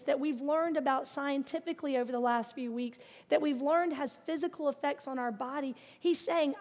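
Heard in a large hall with long reverb, this middle-aged woman delivers a sermon that is earnest and encouraging, with playful asides. She has a high voice with a darkish tone.

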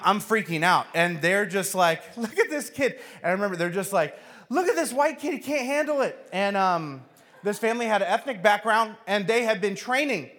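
In the middle of a sermon, a male pastor tells a humorous story, performing the characters' voices with lively jumps in pitch.

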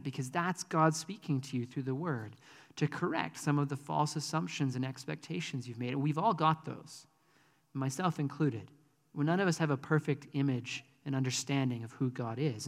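A man's voice: a little high, big-room sound. A man preaching a sermon in a conversational, earnest way, with frequent ums. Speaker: pastor.

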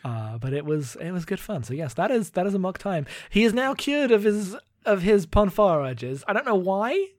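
A man's voice: high voice, normal speed, hardly any pauses, dry recording, clean studio sound. A man co-hosting a podcast, chatting casually as he recaps a TV episode. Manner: chatty, animated, full of fillers. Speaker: podcast co-host.

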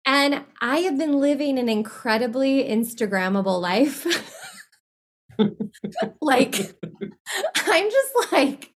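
A woman's voice: sits high, expressive, slow, long pauses, noisy background. A woman being interviewed in a casual chat. She rambles, trails off mid-thought and laughs often. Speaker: interview guest.

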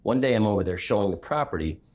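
Deep-voiced man telling business stories. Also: fast. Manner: animated storyteller who acts out the people he quotes. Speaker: commercial real estate broker, guest. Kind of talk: storytelling in a conversational interview.

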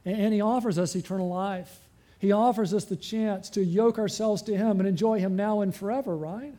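A man preaching a sermon as pastor, asking the congregation frequent rhetorical questions and slowing and dropping his voice for emphasis. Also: sits high. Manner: varies pace and loudness, slowing and dropping for emphasis.

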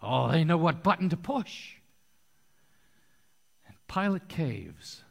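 Man, pastor, sermon, high-pitched voice, animated storyteller, long reverb of a church hall. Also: slow pace, vocal fry.

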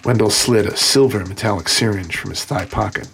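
A man narrating an audiobook in a steady, measured way. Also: on the low side, gravelly, soft background music. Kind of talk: scripted narration.

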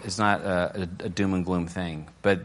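A man with a fairly low voice talks through a sermon on marriage, loose and conversational, with frequent restarts. His voice rings through a big hall with a long reverb tail. Now and then he lifts his pitch to mock a nagging spouse. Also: steady tone, moderate pace. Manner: casual and conversational, with fillers and restarts; acts out quoted criticisms in a raised, mocking voice.

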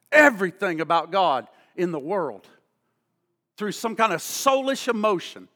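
A middle-aged man preaching a sermon as pastor, fervent and emphatic, swinging between shouting and hushed tones. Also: high voice, in a large hall.

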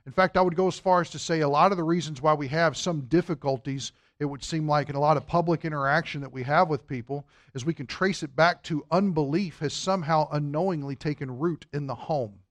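A man's voice: a little high, fairly quick, few pauses, no room sound. A man teaching a Sunday school Bible class in an earnest, explanatory way, drawing out key words for emphasis.

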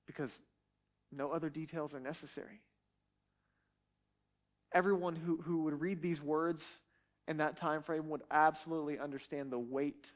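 A man teaching from the Bible in an earnest, emphatic way, often repeating words as he goes. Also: a little high.

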